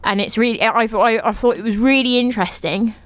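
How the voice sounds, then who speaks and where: A woman's voice: a little high, a little fast, no room sound. A young woman from Britain co-hosting a podcast, chatting casually and rambling with restarts. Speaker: podcast co-host. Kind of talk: casual chat.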